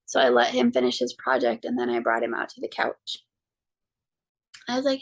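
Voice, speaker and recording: A woman in her thirties or forties, a podcast guest and mother, telling a personal story in a halting way with frequent ums and restarts. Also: very deep voice, wildly swooping pitch, gravelly. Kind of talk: personal story told in an interview.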